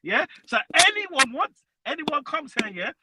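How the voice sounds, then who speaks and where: A man calling in to a fan show, trash-talking loudly and profanely, peppering every line with tags like "you know what I'm saying". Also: very high-pitched, sing-song, unhurried, very noisy. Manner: loud, profane trash talk with constant tags. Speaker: caller. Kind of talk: heated fan call-in rant.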